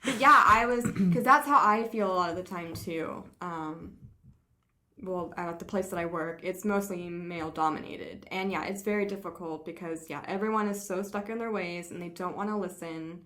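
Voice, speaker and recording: A woman's voice: on the low side, normal speed, sharp tone. A woman co-hosting a fan podcast in casual chat, laughing often and talking with enthusiasm. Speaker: podcast co-host.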